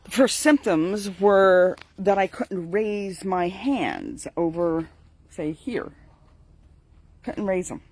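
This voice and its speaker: A tired older woman chats through her morning vlog in an unhurried way, drifting from one thought to the next. Her pitch swings up and down a lot as she talks, and she laughs easily between sentences. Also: very animated, darkish tone. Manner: chatty, laughs often, digressive. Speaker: vlogger.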